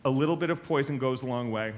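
A man preaching a sermon as a pastor, telling stories with lively acted-out voices. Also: medium pitch, quick pace. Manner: animated storytelling, acts out voices.

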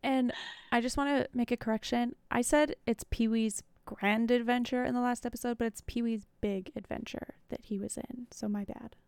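A young woman co-hosting a podcast, chiming in with relaxed opinions and small corrections. Her voice is a touch high and very smooth and clear. The sound is close and dry. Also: normal speed, no room sound. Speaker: podcast co-host. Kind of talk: casual chat.

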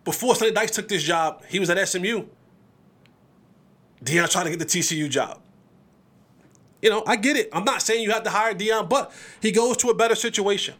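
A man runs a solo sports podcast, speaking in an animated, emphatic style and repeating words as he builds his arguments. He has a high-pitched voice, talks fairly quickly, and pauses often.

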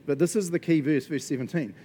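A man preaching a casual, conversational sermon, animated and chatty, often checking in with his listeners. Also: a little high, fast talker, a little hiss or hum. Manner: animated and chatty, frequent laughs and "right?" check-ins.

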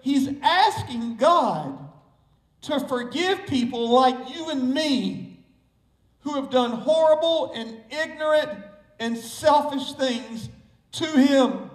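High-voiced Southern preacher man, echoey. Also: expressive, takes it slowly. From Southern United States. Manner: emphatic preaching with repeated key words. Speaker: pastor. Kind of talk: sermon. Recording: echoey room, mic far off.

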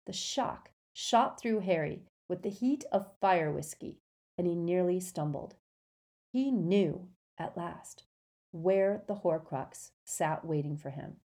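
A woman narrating a storybook in a steady, measured way. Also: fairly low pitch.

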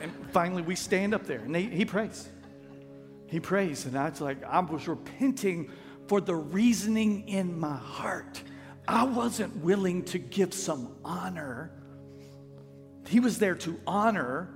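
A man with a drawl preaches in a lively, folksy way, and he acts out the people in his stories. His voice sits high for a man. It carries through a reverberant church hall with faint music underneath. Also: unhurried. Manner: folksy, animated, acts out quotes. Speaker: pastor. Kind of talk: storytelling sermon. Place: church sanctuary.

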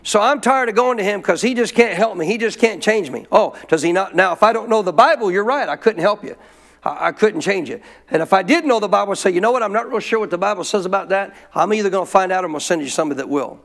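Fast-talking high-voiced male preacher. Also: fairly bright tone. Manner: emphatic, repeats points and asks the congregation for amens. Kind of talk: sermon.

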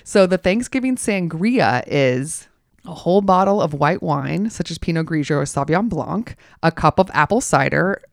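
A woman's voice: deep voice, expressive, normal speed, vocal fry, no echo, clean studio sound. A woman co-hosting a podcast, chatting casually with a friend, rambling into asides and laughing often. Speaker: podcast co-host. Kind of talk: casual chat.

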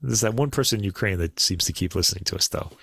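A man co-hosting a casual podcast, chatting about classical recordings in a relaxed way with fillers and asides. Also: fairly low pitch, quick pace, creaky, no echo, clean studio sound. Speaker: podcast co-host.

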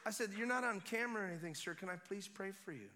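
Animated preacher man, bright voice. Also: high voice, fast talker. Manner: animated storytelling, swinging from hushed to shouting. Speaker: guest preacher. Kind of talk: sermon testimony. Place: church service.

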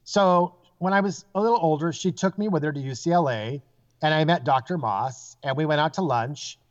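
The same kind of lively storytelling comes from a man with a fairly high voice, a psychic guest talking at a moderate pace. He acts out quoted voices as he goes, and the sound is dull and lo-fi.

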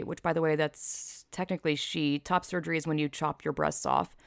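A woman's voice: low voice, lively intonation, fairly quick, vocal fry, few pauses, no echo, clean studio sound. A woman commentator reading posts aloud and reacting with blunt, sarcastic, profane remarks. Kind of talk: opinion vlog commentary.

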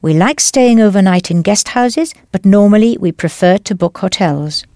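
A woman teaching a language lesson in a clear, patient, encouraging scripted voice. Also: medium pitch, animated, normal speed, warm tone, no echo, clean studio sound.

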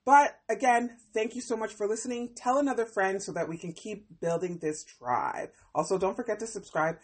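A woman hosting a podcast that reviews a TV series, talking casually in an animated, expressive way, often exclaiming and laughing. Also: medium pitch, normal speed.

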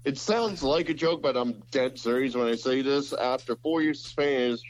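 A man's voice: medium pitch, moderate pace. A man co-hosting a podcast, trading dry, jokey banter in casual chat. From United States. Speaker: podcast co-host.

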